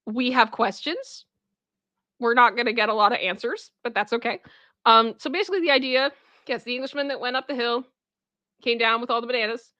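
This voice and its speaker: A woman hosting a casual livestream who chats with viewers and retells a comedy sketch in an animated way. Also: fairly high pitch, a little fast, dry recording. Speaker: livestream host.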